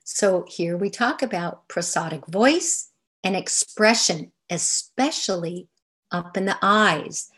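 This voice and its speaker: An older woman giving an online lecture over slides, explaining in a soft, unhurried way. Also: fairly low pitch, husky. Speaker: movement teacher.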